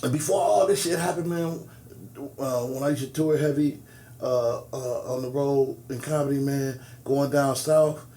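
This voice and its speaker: A man's voice: medium pitch, normal speed, reverberant. A man hosting a casual podcast chat, telling stories with lots of swearing and laughter. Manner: animated storyteller, swears freely, laughs often. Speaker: podcast host and comedian.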